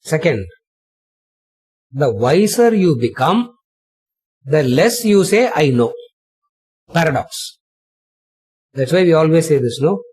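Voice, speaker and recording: A man teaching a retreat lecture on scripture, slow and emphatic, repeating phrases and asking rhetorical questions. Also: a little high, big pitch swings, a little mellow, slightly rough. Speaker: spiritual teacher.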